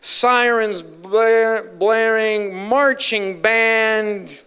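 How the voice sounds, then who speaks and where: A man's voice: high-pitched, extremely slow, sharp tone, clean tone. A male evangelist preaching a sermon with emphatic, dramatic storytelling.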